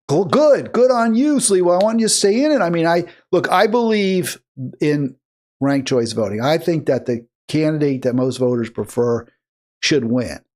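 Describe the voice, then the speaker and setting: A man's voice: on the high side, a little mellow. A man hosting a call-in political talk show, speaking in a rambling way with fillers and restarts. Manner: rambling, fillers and restarts, mimics other voices in quotes. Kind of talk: political talk radio monologue.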